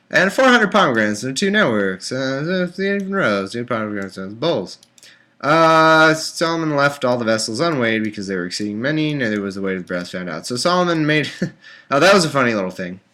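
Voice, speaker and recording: A man's voice: mid-range voice, pushed and bright. A man live-streaming from home, reading scripture aloud and breaking off into exasperated, sarcastic rants. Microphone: webcam or desktop mic.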